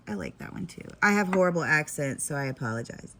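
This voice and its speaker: A woman's voice: fairly low pitch, fast talker, hardly any pauses, fairly bright tone, slight background noise. Chatty giggly woman teaching sewing. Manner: chatty and giggly, self-deprecating asides. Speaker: sewing tutorial host on a live stream. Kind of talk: casual live sewing demonstration.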